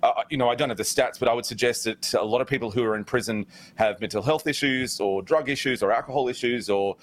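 A man co-hosting a talk show, giving measured, thoughtful views with many ums and uhs. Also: mid-range voice, slight background noise. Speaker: co-host. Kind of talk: casual talk show discussion.

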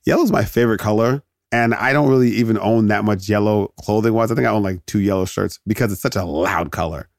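A man's voice: fairly low pitch, fast talker, gravelly, few pauses, dry recording, clean studio sound. A man hosting a podcast, chatting casually and digressing into jokes, laughing often. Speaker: podcast host. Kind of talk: casual rambling commentary.

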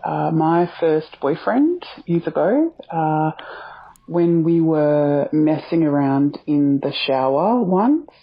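A woman leaving a halting, sheepish recorded confession. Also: deep voice, lively intonation, slightly rough. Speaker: caller sending a secret. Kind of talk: recorded voice message. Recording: dull lo-fi voice message.

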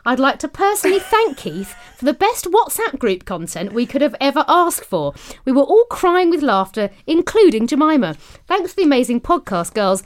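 A woman co-hosting a podcast, telling a listener's story in a giggly, animated way and swearing casually. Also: sits high, normal speed, hardly any pauses.

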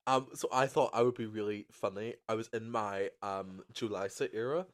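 A man's voice: on the low side, moderate pace. A young man co-hosting a casual podcast, playful and camp, laughing often. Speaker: podcast co-host. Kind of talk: casual chat. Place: indoor room with co-host.

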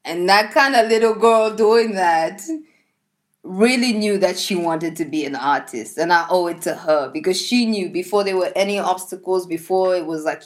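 A young woman, a guest musician, chatting in an interview and telling an animated story with laughter. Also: lowish voice, normal speed. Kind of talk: casual interview chat.

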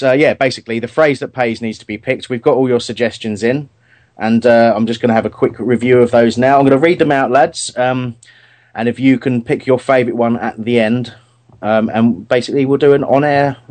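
A man hosts a casual radio show in a dry, close studio sound. He rambles and restarts as he chats his way through a football match, his voice sitting at an ordinary middle pitch. The tone stays easygoing and talkative. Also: a little mellow, no room sound. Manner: rambling, chatty, lots of fillers and restarts.

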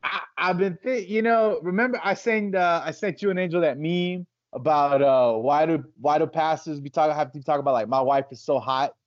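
A man with a fairly high voice chats casually as a podcast co-host. He rambles and tells stories, acting out what people say. The recording is dry and a bit dull and lo-fi. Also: fairly quick, hardly any pauses, no room sound. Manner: rambling, storytelling with acted-out quotes.

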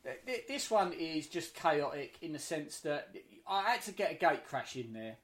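A man in casual conversation, telling a party story in a relaxed, self-deprecating way over a video call. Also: on the high side, normal speed. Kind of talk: casual chat.

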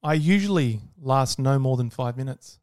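A man's voice: mid-range voice, lively intonation, normal speed, a little mellow, no room sound, studio quality. A man co-hosting a podcast, teasing his partner and quizzing him. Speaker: podcast co-host. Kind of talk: casual podcast explaining.

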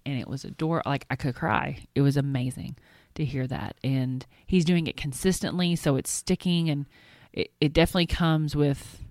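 A woman's voice: low voice, steady tone, moderate pace, darkish tone, dry recording, studio quality. A woman co-hosting a podcast in casual chat, a chatty, rambling storyteller who swears casually. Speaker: podcast co-host.

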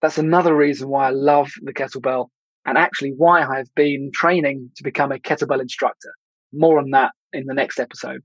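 Husky man hosting a solo podcast. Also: medium pitch, fairly bright tone, no echo. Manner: reflective, conversational, with fillers and restarts. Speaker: podcast host. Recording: dull lo-fi dry recording.

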